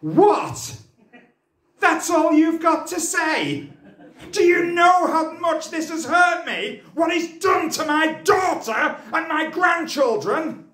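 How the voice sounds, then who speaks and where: A man voicing a furious, betrayed older grandfather who shouts in outraged disbelief. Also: expressive, slow pace, echoey room, full character voice. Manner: shouting in disbelief, high strained voice.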